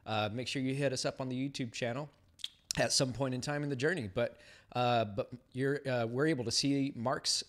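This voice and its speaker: A man's voice: medium pitch, normal speed. A man co-hosting a live-stream podcast, giving beard styling advice in a laid-back, slangy way with many filler words. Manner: laid-back, slangy, many 'uh's, laughs at own slips.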